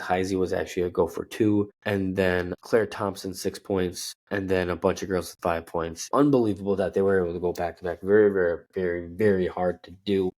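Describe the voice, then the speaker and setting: Man, very deep voice, sports show host, from Minnesota, casual, rambling, self-correcting. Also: darkish tone.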